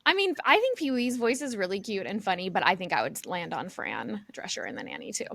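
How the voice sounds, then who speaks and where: Woman, podcast host, bright lively pitch, playful, dry close sound. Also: brisk, gravelly, no echo. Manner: playful, upbeat game-show questions. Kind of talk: casual podcast chat.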